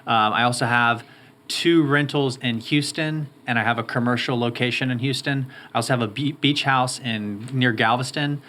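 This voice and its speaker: An eager, upbeat man in his thirties who runs a roofing company shares his story as a guest in an interview. His mid-range voice is pushed and bright, with fairly even intonation and a normal speed.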